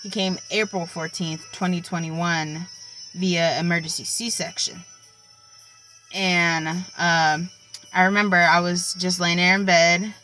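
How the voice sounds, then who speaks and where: A woman's voice: fairly low pitch, level tone, takes it slowly, sharp tone, soft background music, low-quality recording. A young woman casually telling a personal story, chatty and full of likes and ums. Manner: chatty, filler-heavy, with many likes and ums. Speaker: vlogger.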